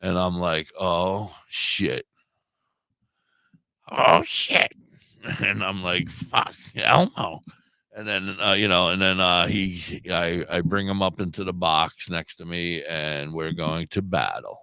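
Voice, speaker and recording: A man with a sore throat telling a story casually on a radio talk show, animated, acting out quoted dialogue and swearing freely. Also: low-pitched, unhurried, vocal fry, few pauses, smooth, no room sound. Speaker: puppeteer and live streamer.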